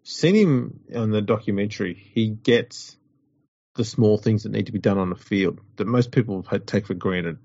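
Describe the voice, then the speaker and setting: A man's voice: fairly low pitch, normal speed, a little mellow, dry recording. A man, co-hosting a sports chat show, rambling and wry. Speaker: podcast co-host. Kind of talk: casual chat. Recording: dull lo-fi audio.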